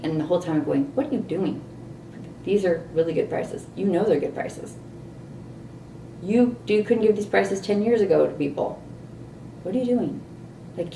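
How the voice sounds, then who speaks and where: A middle-aged woman vlogging a candid personal story, animated and exasperated at times. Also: lowish voice, creaky, a little hiss or hum. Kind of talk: personal reflective monologue. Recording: roomy echo, distant mic, faint ambience.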